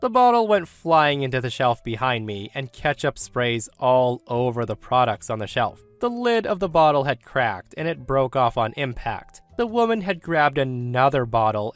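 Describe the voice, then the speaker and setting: A man's voice: mid-range voice, no echo. A male storyteller reading a drama from a shop floor, his voice rising and falling widely as he tells it. He sounds exasperated at times, and faint music plays underneath. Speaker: narrator.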